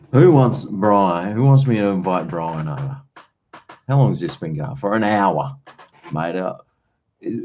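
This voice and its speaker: A man's voice: deep voice, warm tone, a little hiss or hum. An Australian man hosting a live stream at home, rambling casually to viewers, full of slang and "mate". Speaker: livestream host. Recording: dull lo-fi stream audio.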